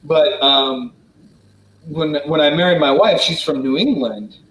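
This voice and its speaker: An American man from Wisconsin answering questions in a relaxed, casual way, with many fillers and restarts. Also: a little high, measured pace, roomy sound, a little hiss or hum, low-quality recording. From Wisconsin, United States. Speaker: guest diplomat answering questions. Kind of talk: casual spoken Q&A.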